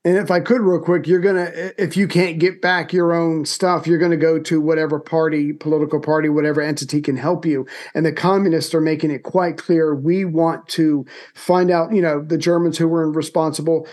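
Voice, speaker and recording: Man in his fifties, slightly higher voice, casual podcast co-host, chiming in. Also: little pitch movement, a little mellow. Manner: chiming in, quick interjections. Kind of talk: casual conversational chat.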